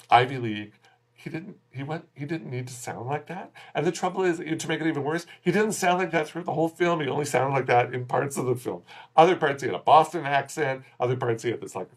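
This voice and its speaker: A man giving a casual spoken film review, rambling a little and chuckling wryly at his own jokes. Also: medium pitch. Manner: rambling, with frequent fillers and restarts.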